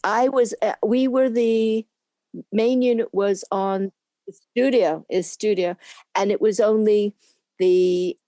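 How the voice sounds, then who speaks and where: An older woman, a former camera assistant, chatting as an interview guest and telling lively stories with frequent laughs. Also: mid-range voice, slow, no room sound, clean studio sound. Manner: lively anecdotal storytelling with laughs; acts out quoted people in put-on voices. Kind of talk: casual interview reminiscing.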